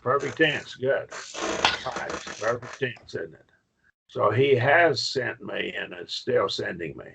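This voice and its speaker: A man's voice: mid-range voice, unhurried, vocal fry, background noise. A man teaching a Greek grammar class online, patient and questioning, with frequent okays.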